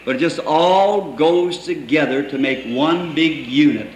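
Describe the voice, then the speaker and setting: A man's voice: on the high side, a little slow, a crowd in the background. A man preaching a sermon, telling homely stories and chuckling as he quotes people. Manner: folksy storytelling, quoting others, chuckling. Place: church. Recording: echoey old church recording with faint hiss.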